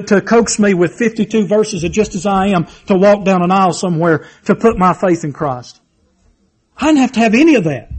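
A man preaching a sermon, fervent and repetitive, telling personal stories. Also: high-pitched.

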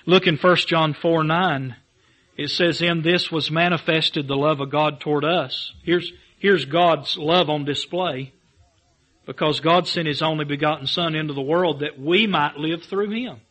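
A man's voice: on the high side, measured pace, a bit bright. Man preaching with emphatic swells. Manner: reads scripture in King James wording. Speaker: pastor. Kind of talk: sermon.

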